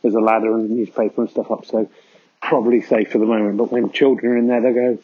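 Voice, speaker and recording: Speaking fast in a lowish, slightly rough voice with flat delivery, this man rambles through a mock-serious, deadpan absurd comedy monologue as he crosses a foggy field. The audio has no room sound but is dull and lo-fi.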